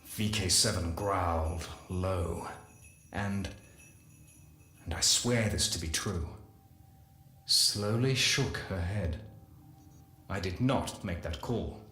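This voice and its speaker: Man, lowish voice, dramatic story reading, slow deliberate pauses, echoey room. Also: pushed and bright, soft background music. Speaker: lore reader.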